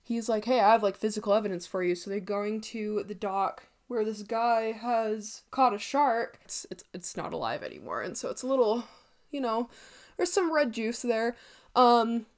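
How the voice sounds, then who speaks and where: Young woman vlogging at home, chatty n giggly, kinda high voice. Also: expressive, unhurried. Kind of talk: casual chat reacting to a documentary.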